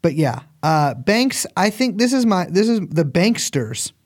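A man's voice: high-pitched, very animated, unhurried. An American man co-hosting a podcast, riffing in loose, jokey banter and swearing freely. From United States. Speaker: podcast co-host.

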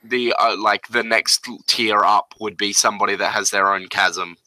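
A man's voice: on the low side, flat delivery, normal speed, pushed and bright, no room sound, rough recording. A man running a tabletop game as game master, describing scenes hesitantly with many fillers.

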